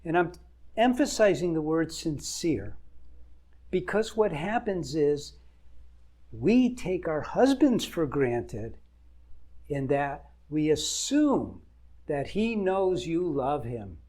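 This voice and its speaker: Marriage coach, older male, unhurried delivery, emphatic advice to camera. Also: on the high side, lively intonation, dark tone. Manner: earnest, emphatic lists.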